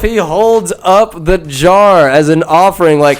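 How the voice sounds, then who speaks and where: A man hosting a podcast, recapping a film in a rambling, sarcastic comic style with loud asides. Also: high-pitched, a little slow, hardly any pauses. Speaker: podcast host. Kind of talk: comedic movie recap.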